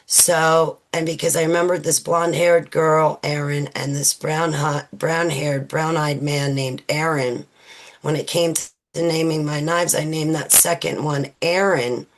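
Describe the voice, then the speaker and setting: Woman in her forties, deep voice, halting interview recollection, fillers and restarts. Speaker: guest. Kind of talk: recounting personal memories in an interview.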